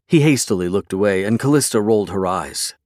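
A man narrating a fantasy novel in a measured, even storytelling way. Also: fairly low pitch, no room sound, studio quality. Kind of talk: scripted fantasy audiobook narration.

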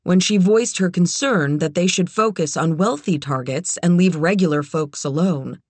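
An audiobook narrator reading a novel in even, measured scripted narration. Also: medium pitch, no echo.

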